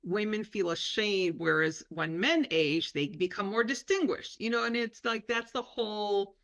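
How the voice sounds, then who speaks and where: A woman's voice: mid-range voice, moderate pace, creaky, fairly bright tone. A woman in her fifties hosting an interview, chatty and affirming toward her guest. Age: 50s. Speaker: podcast host. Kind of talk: conversational interview.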